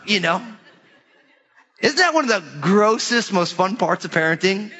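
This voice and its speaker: Man, middle-aged pastor, lively storytelling sermon, high voice, dull echoey hall recording. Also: a little slow, husky. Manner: animated storytelling, acting out voices.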